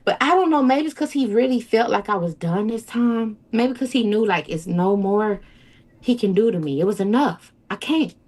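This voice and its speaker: Animated and a little mellow, this young woman talks at normal speed with medium pitch. As an interview guest she shares an emotional personal story in a tumbling rush, repeating and restarting and doing voices for those she quotes.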